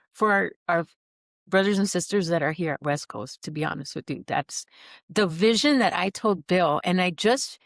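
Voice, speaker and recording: A middle-aged woman, a podcast guest, earnestly telling her personal story in an animated, heartfelt way. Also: on the low side, moderate pace, no room sound, studio quality. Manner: earnest, animated, acts out quoted dialogue. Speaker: podcast guest, recovery program alumna.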